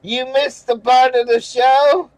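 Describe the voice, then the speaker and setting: Angry older man ranting slowly. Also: very high voice, little pitch movement, dry recording, poor audio. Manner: angry, sarcastic, swearing, chuckling bitterly. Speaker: channel host reading viewer comments. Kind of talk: casual rant over screenshots.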